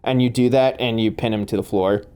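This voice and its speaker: Chill guy gm, mellow low-key voice, laughs a lot, lots of ums. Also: steady tone, smooth. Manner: laughs often, halting with fillers. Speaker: game master. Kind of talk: narrating a tabletop game.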